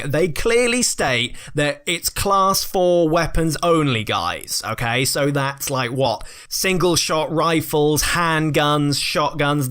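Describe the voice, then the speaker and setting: A man with a rather high, bright and forceful voice rants in mock-serious tones on a comedy podcast. He is sarcastic and swears freely, treating absurd ideas as grave matters. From England. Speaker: podcast co-host.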